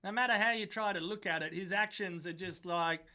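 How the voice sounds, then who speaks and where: A man's voice: high-pitched, a little fast, sharp tone. A man giving blunt, mocking reaction commentary on news footage, swearing freely. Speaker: online commentator.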